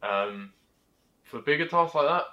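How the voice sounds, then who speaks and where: A man's voice: a little high, expressive, measured pace, pushed and bright, dull audio. A young man co-hosting a podcast, explaining his ideas through everyday examples in casual chat. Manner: explains with examples and acted quotes. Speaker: podcast co-host.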